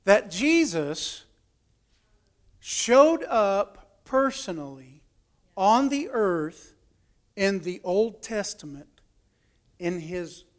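A man preaching a folksy sermon, telling a story and acting out its voices with big swings in loudness. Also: sits high, very animated, extremely slow, long pauses. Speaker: pastor.

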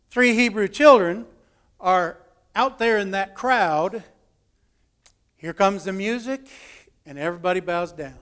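Brief: male preacher, higher pitch, folksy storyteller, dramatic swings in loudness. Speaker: pastor. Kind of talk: storytelling sermon.

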